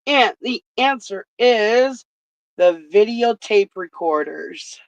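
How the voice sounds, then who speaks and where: A woman hosting a casual trivia stream, reading questions slowly and swearing freely between them. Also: medium pitch, expressive, no echo. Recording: dull lo-fi stream audio.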